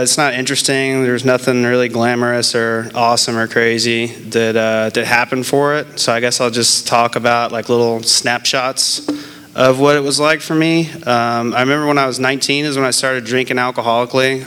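A young man, casual and candid, telling his own story in a halting, rambling way with many fillers and restarts, and making fun of himself. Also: medium pitch, pushed and bright, smooth. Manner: candid and self-deprecating. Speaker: person in recovery sharing his story. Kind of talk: casual personal testimony.

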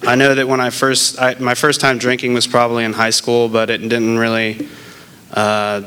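A young man, casual and candid, telling his own story in a halting, rambling way with many fillers and restarts, and making fun of himself. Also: medium pitch, monotone, sharp tone, clear, resonant tone. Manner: candid and self-deprecating. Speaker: person in recovery sharing his story. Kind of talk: casual personal testimony.

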